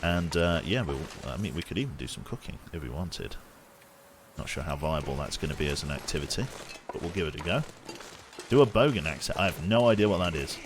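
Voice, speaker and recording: A man's voice: very deep voice, a little fast, noisy background. A young man from the Birmingham area with a non-regional English accent, chatting casually to viewers as he streams a survival game. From Birmingham area, England. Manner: chatty, relaxed, thanks viewers between game narration. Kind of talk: casual gameplay live-stream commentary.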